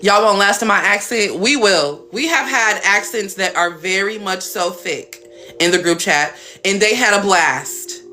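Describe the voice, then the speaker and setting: A woman's voice: mid-range voice, a little slow, pushed and bright. A woman hosting a live stream as a spiritual coach, talking casually and bluntly with some cursing. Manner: blunt, chatty, swears casually.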